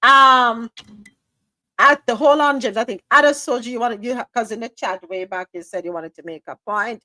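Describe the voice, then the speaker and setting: Woman host for a news panel, higher voice, bright and dry. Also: no room sound. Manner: brisk, hands the floor to panelists. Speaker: show host and moderator. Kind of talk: live podcast panel discussion.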